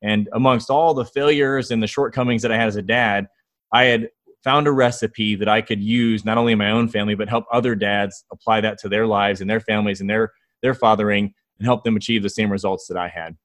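A man in his thirties, a guest in an interview, telling lively stories about his kids and acting out their quotes. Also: fairly low pitch, brisk, dry recording. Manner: enthusiastic storyteller, acts out quotes. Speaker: guest, fatherhood author and founder. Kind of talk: conversational interview storytelling.

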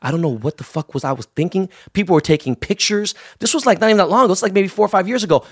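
A man's voice: high voice, racing, slightly rough. A man from Los Angeles telling wild, profanity-laced anecdotes in casual chat, acting out the people he quotes. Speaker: guest.

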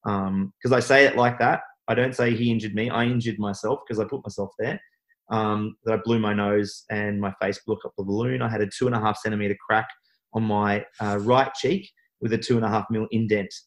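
A man's voice: lowish voice, steady tone, brisk, rough recording. A man, a podcast guest telling a personal story in a rambling way with many restarts. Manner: rambling, full of restarts and fillers. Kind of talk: interview storytelling.

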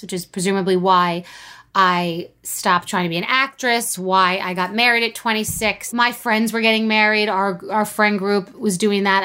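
Bright-voiced woman in her fifties, candid host. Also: mid-range voice. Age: 50s. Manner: candid, emotional, talks in repeated short statements. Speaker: podcast host. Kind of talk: personal monologue and interview.

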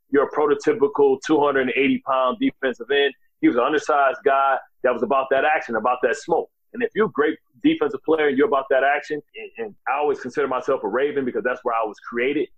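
A man in his forties from the USA, a podcast guest telling profane, animated stories and repeating filler phrases. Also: medium pitch, fast talker, breathy edge, dry recording, lo-fi sound. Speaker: guest, former athlete. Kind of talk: animated storytelling.

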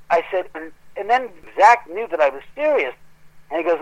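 A man telling a story in a casual, animated way that grows heated as he goes. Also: high-pitched, normal speed, low-quality recording. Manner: animated, gets heated retelling events. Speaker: guest homeowner telling a story.

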